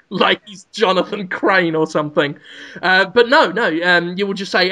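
A young man with a bright, forceful voice, spinning a crude comic bit on a podcast. He giggles as he talks and throws himself into the joke. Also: sits high, normal speed. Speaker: podcast co-host. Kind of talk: comic riffing.

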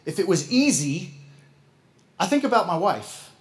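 A man with a Midwestern American accent preaching a sermon as pastor, folksy and quick to laugh at himself. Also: high voice, sing-song, fairly bright tone.

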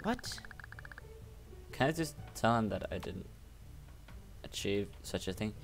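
A man giving excitable, rambling let's play commentary and swearing as he plays. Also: fairly low pitch, moderate pace, gravelly. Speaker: gamer.

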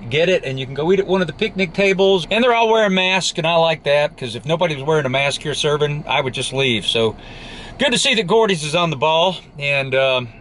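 A man's voice: on the high side, animated, brisk, fairly bright tone, slight background noise. Enthusiastic Midwestern man vlogging outdoors. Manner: enthusiastic, exclaiming over food. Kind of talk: casual vlog narration.

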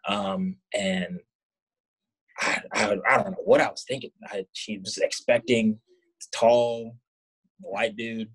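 A man's voice: fairly low pitch, animated, takes it slowly, gravelly, long pauses, fairly bright tone, breathy edge, low-quality recording. A young adult man telling a funny personal story on stage, casual and rambling, full of fillers and self-mocking asides, laughing between lines.

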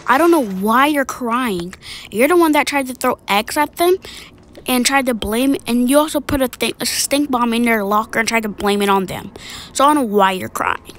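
A woman's voice: a little high, moderate pace, a bit bright. A woman acting out a school skit, switching between bickering characters.

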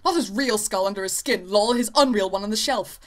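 A woman reading a parody fan story aloud, deadpan, with sarcastic asides. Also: medium pitch, a little fast. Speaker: narrator.

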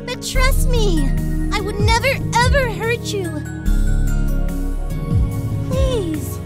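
A woman's voice: extremely high pitch, animated, extremely slow, loud music behind the voice, heavily acted. A woman voicing a sweet, eager young girl who talks in a bubbly, pleading way, in a video game.

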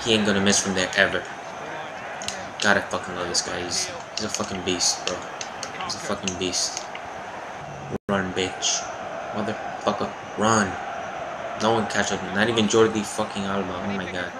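Excitable, foul-mouthed young gamer. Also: male voice, low voice, normal speed, long pauses, very noisy. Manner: excitable, profane, yelling at the game. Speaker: gaming YouTuber. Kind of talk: live gameplay commentary.

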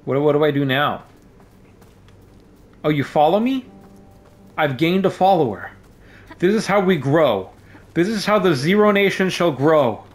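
A man's voice: fairly high pitch, animated, measured pace, pauses often. A man giving playful, jokey commentary while playing a game at home, yelping when startled. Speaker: gaming YouTuber. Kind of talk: casual let's-play commentary. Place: home room. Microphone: desk microphone.

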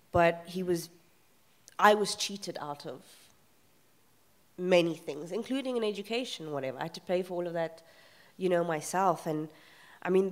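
A woman panel guest at a live festival talk, telling a painful family story candidly and emotionally, with many pauses and fillers. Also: on the low side. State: emotional, near tears. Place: festival event room.

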